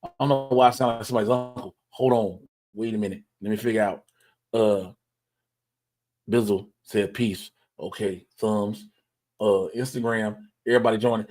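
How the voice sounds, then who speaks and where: A man hosting a livestream, mumbling to himself in casual, profane slang while he fiddles with his editing software. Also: on the low side, steady tone, normal speed. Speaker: stream host.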